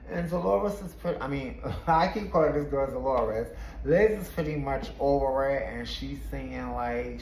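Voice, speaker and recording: A man's voice: medium pitch, a little hiss or hum. A man casually recapping a reality show, chatty and slangy, retelling scenes with plenty of sass. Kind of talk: casual commentary. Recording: echoey room.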